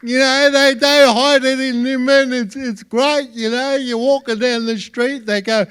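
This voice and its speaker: A man with an Australian accent doing stand-up comedy for a live audience, with a halting delivery full of repeated words. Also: extremely high pitch, little pitch movement, fairly bright tone, clean tone. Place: live stage before an audience.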